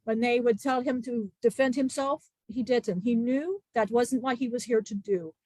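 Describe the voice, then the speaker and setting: A woman channeling the spirit of an ancient male disciple, telling a grieving testimony in halting, emotional bursts with many restarts. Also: fairly high pitch, a little mellow, dry recording, natural voice. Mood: solemn.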